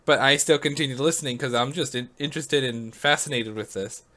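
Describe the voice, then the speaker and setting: A man's voice: medium pitch, a little fast, bright, forceful tone. A man vlogging casually, rambling through a story with lots of "like" and frequent laughs.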